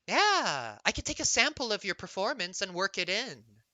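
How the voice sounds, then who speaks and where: A man's voice: sits high, big pitch swings, moderate pace, pushed and bright, dry recording, pitched above the performer's own voice, exaggerated voice, poor audio. A man voicing a flirty female bird-person bard who repeats and stutters words like a mimic. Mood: coy.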